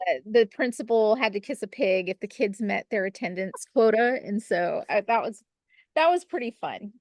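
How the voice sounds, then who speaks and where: A woman's voice: mid-range voice, animated, normal speed, darkish tone, no echo. A woman who breeds pigs, chatting casually and rambling with restarts and fillers. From Texas. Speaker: pig breeder, podcast co-host. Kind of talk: casual chat.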